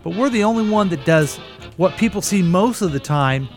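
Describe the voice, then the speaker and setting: Guy hosting a goofy podcast, kinda high voice, rambles and restarts a lot. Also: expressive, normal speed, faint music behind. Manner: jokey, rambling, restarts often. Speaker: podcast host. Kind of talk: casual comedic chat reviewing commercials.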